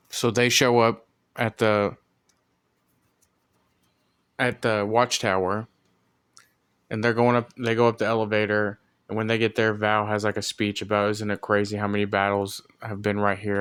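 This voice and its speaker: A man with a low, fairly monotone voice casually recaps a film's plot, piling on fillers as he goes. His voice is smooth and clear. The sound is dry and close, with little room around it. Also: unhurried, long pauses, dry recording. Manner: rambling, filler-heavy retelling. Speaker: movie reviewer.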